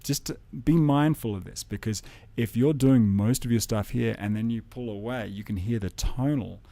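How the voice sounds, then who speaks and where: With a fairly low pitch, a man demonstrates microphones in his home studio, talking through mic technique in a calm, explanatory tone. He speaks close to a studio condenser mic and shifts position around it to show the differences live.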